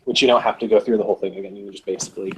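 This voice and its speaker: A man's voice: on the low side, steady tone, racing, noisy background. A man narrating a tabletop role-playing game as game master, in a casual manner with frequent fillers.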